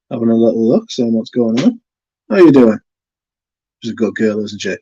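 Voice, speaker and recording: A man hosting a fragrance livestream, chatting casually and reading viewer comments aloud in a relaxed, chatty way. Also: mid-range voice, a little fast, pauses often, breathy edge, no room sound. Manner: relaxed, chatty, yawning now and then.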